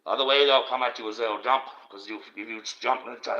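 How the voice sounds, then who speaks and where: A man's voice: mid-range voice, fairly even intonation, fast talker, pushed and bright. A man from Australia who hosts a livestream and gives a profane, rambling monologue, swearing often and repeating himself. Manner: coarse, swearing, repetitive ranting. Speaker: livestream host. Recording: dull lo-fi stream audio.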